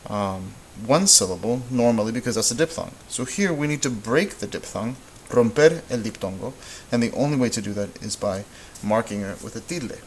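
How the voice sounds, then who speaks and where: A man's voice: mid-range voice, expressive, moderate pace, hardly any pauses, slight background noise, low-quality recording. A man teaching a casual Spanish lesson, thinking aloud as he goes, with frequent ums and restarts. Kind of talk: casual classroom-style lesson.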